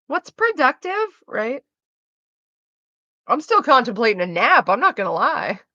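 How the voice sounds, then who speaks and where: A woman's voice: on the high side, big pitch swings, unhurried, pushed and bright, no echo, lo-fi sound. A woman livestreaming, answering her chat in a frank, chatty way and swearing freely. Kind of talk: casual chat.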